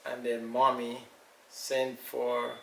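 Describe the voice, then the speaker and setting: An older man with a Jamaican accent, recalling his family's past in an unhurried, storytelling way during an interview. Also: mid-range voice, monotone, gravelly, fairly bright tone. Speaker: elder being interviewed. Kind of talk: casual recollection. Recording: echoey room, far from mic, faint noise.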